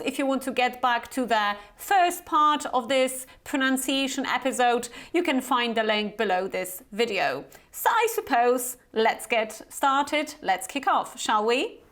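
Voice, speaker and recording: Slow, high-voiced woman teaching English. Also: a bit bright. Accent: Polish. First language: Polish. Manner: slow, careful, repeats words for learners to copy. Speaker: Business English trainer. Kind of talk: pronunciation lesson to camera.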